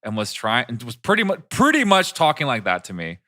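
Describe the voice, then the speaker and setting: A man whose first language is Korean tells a funny story in a casual chat, acting out the people in it. His voice is bright and his pitch swings widely as he gets into the telling. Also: brisk. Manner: animated storyteller who acts out voices and says "dude" a lot.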